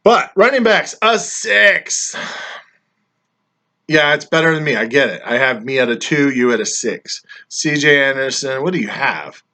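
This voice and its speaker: A man in a fantasy football league rambles through his friends' drafts, grading their teams and teasing them in casual chat. His voice is bright, forceful and animated, medium in pitch and a little slow, and it sounds slightly worn from so much talking. He often lets his sentences trail off quietly at the end.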